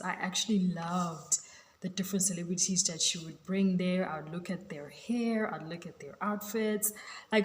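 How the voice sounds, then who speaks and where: A woman's voice: mid-range voice, roomy sound, a little hiss or hum. A woman from Africa, chatting casually to camera in a gushing way, full of "like" and "you know". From South Africa. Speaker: vlogger.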